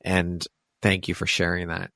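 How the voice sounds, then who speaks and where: A male podcast host with a very low, gravelly voice, recorded close and dry. He speaks in effusive, heartfelt praise, warmly affirming his guest. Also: completely flat delivery, measured pace, no room sound. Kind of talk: interview conversation.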